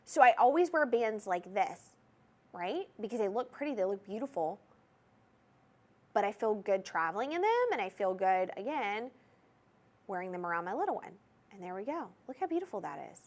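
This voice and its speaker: A woman's voice: medium pitch, big pitch swings, a little fast. A woman with a Southern US accent hosting a TV shopping show, gushing in chatty sales patter to viewers from a studio on a lapel mic. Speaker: shopping channel host. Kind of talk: live TV shopping presentation.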